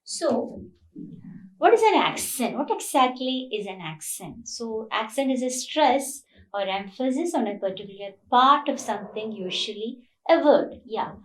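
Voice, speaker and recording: A woman college lecturer, explaining slowly and rephrasing herself, with many "so" and "uh" fillers. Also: on the high side, lively intonation. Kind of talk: recorded online lecture. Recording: roomy echo, mic at a distance.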